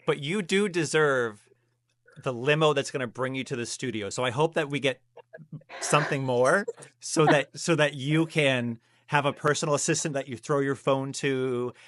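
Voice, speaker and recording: A man's voice: medium pitch, normal speed, fairly bright tone, no echo, clean studio sound. A man hosting an interview show, enthusiastic and playful, teasing his guest with jokes. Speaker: podcast host. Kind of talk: casual interview chat.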